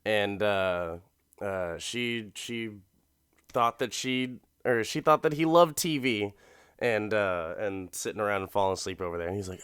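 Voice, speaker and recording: A man's voice: fairly low pitch, unhurried, fairly bright tone, clean tone, dry recording, studio quality. A man hosting a podcast who recaps an episode in a rambling, profane way and laughs often. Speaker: podcast host.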